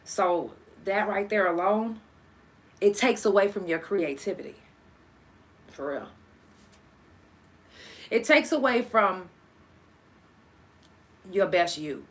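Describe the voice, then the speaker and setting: A woman's voice: mid-range voice, takes it slowly, pauses often. A young woman hosting a casual solo podcast, cursing freely and talking straight to her listeners. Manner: profane, animated, talks to listeners directly. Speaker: podcast host.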